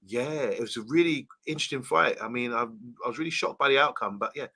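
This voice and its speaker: A man's voice: mid-range voice, fast talker, pushed and bright, breathy edge. A man co-hosting a football livestream, casually reading out viewer comments and greeting people by name.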